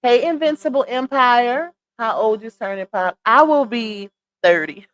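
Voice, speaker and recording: A woman's voice: on the high side, unhurried. Southern woman in her thirties, talkative live stream host, chats with viewers casually. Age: 30s. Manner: chatty, shouts out viewers by name, reads comments aloud; laughs often, Southern slang like "child" and "y'all".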